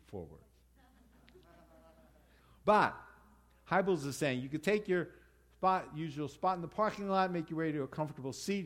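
A man leader delivering a conversational sermon to his congregation, pausing and restarting as he explains and applies a teaching. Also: medium pitch. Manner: conversational preaching with pauses and restarts.

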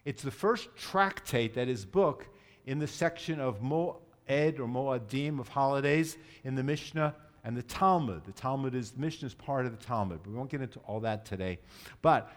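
A man's voice: mid-range voice, normal speed. A man giving a Messianic teaching, explaining terms patiently and leading the group to repeat words. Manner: explanatory, leads group repetition, self-correcting. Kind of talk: teaching sermon.

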